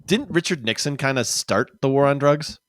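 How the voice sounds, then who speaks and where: A man's voice: mid-range voice, expressive, moderate pace, a bit bright, no room sound. A man co-hosting a comedy podcast, adding dry quips and short questions. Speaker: podcast co-host. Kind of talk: casual comedy podcast chat.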